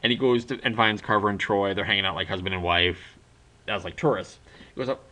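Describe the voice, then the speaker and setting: A man's voice: fairly low pitch, expressive, brisk, pushed and bright. A young man casually retelling a book's plot for a review, rambling with lots of "like" and acting out the characters' lines. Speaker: book reviewer.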